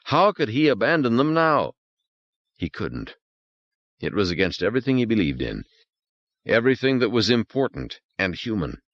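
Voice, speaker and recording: A man's voice: on the low side, big pitch swings, moderate pace, pauses often, no room sound, lo-fi sound. A man narrating an audiobook in a dramatic, suspenseful reading style. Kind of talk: scripted narration.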